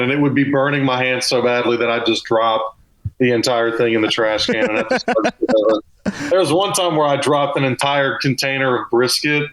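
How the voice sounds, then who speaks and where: A man's voice: mid-range voice, rough recording. A young man with a Southern US accent, a comedian telling loose, self-deprecating stories as a guest in a casual podcast interview.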